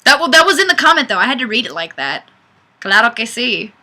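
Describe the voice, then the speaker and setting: A woman's voice: fairly high pitch, sing-song, quick pace, sharp tone. A woman hosting a webcam livestream, reading viewer comments in a chatty, self-deprecating way. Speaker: livestream host. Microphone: webcam mic.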